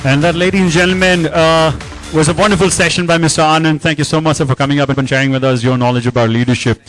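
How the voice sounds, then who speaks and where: A man's voice: a little high, fairly even intonation, fast talker, faint music behind. A man hosting an event, formally thanking the speaker on stage. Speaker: event host. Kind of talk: stage announcement.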